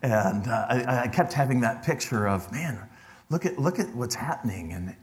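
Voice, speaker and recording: A middle-aged man preaching a sermon as pastor, in a conversational way that drops to hushed tones for emphasis. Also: medium pitch, lively intonation, normal speed.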